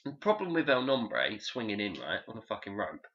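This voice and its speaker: A man's voice: lowish voice, huge pitch swings, moderate pace, a bit bright, muffled recording. A man hosting a casual podcast chat, rambling, joking and swearing freely. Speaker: podcast host.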